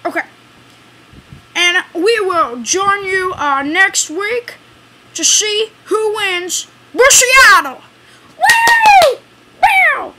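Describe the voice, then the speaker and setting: A woman's voice: very high voice, takes it slowly, noisy background. A woman hosting a homemade talent show skit, rambling playfully with many fillers and self-corrections.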